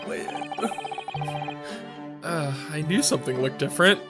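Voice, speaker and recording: Casting: streamer voicing an earnest, musing young lawyer, slow and plain, game music under it. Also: medium pitch, expressive, close to an everyday voice. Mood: curious.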